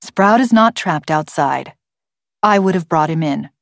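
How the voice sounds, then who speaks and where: A woman's voice: sits low, expressive, measured pace, gravelly, no echo, full character voice. A woman reading an audiobook and voicing a female computer intelligence who speaks in a dry, clipped, commanding way. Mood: stern.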